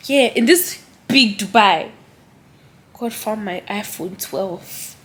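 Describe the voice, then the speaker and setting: A woman's voice: medium pitch, lively intonation, moderate pace. Young woman vlogger, chatty and heartfelt, filler-heavy, talking into a handheld phone. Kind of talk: casual vlog talk to camera. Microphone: handheld phone camera.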